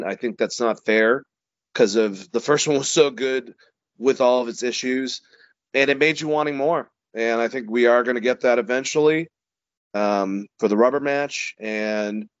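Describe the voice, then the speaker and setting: A male podcast co-host in casual chat, relaxed and rambling as he talks. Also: mid-range voice, no echo, lo-fi sound. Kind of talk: casual wrestling review chat.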